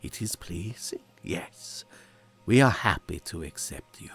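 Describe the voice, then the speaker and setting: A man voicing a 106-year-old woman with a slightly foreign accent, who is commanding, soft-spoken and measured. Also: low voice, expressive, gravelly, faint music behind, exaggerated voice.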